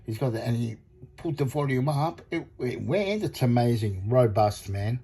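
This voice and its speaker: A man chatting in a casual product vlog about audio amp parts, rambling and excitable, laughing often. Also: mid-range voice, normal speed, breathy edge.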